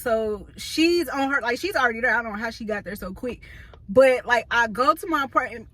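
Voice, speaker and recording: A woman in her thirties telling a story in a casual, slangy, animated vlog, talking from a parked car. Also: fairly high pitch, fairly quick, no room sound. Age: 30s. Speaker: vlogger. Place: parked car in a store parking lot.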